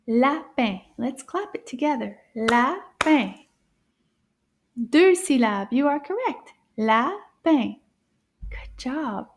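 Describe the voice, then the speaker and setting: Slow, breathy high-voiced woman teaching kids. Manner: gentle and encouraging, drops often into soft breathy asides. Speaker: French teacher for children. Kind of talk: children's language lesson.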